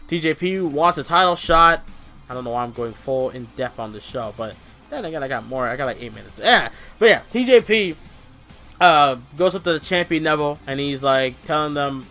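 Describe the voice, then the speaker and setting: A man's voice: fairly high pitch, bright, forceful tone. Rambling young man recapping wrestling. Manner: rambling, profane, acts out quotes in bursts. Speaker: wrestling show reviewer. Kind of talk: casual recap monologue.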